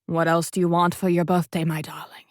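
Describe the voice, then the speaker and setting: A woman voicing a guarded young husband murmuring softly. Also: level tone, moderate pace, dry recording, clean studio sound, natural voice. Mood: tender. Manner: low, tender murmur. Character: guarded young man, the narrator's boss and husband.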